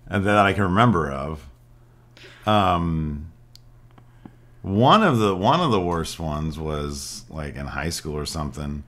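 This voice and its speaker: This podcast co-host has a low, sharp-toned voice. He tells rambling stories in a relaxed, casual chat.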